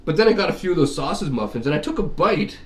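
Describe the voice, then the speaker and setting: Middle-aged man, profane rambling storyteller, slightly high-pitched. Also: big pitch swings, fast talker, fairly bright tone. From Canada. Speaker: vlogger. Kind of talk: casual chat.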